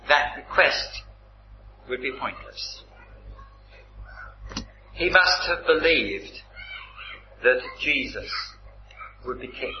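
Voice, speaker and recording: A man preaching a sermon, teaching from the Bible in a measured, emphatic way. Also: on the high side, a little hiss or hum. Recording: roomy, slightly dull recording.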